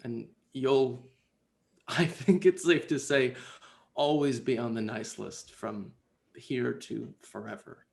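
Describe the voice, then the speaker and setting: A man's voice: medium pitch, takes it slowly, creaky, darkish tone. A man voicing an emotional, effusive woman from a North Pole agency who stammers her thanks. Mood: grateful.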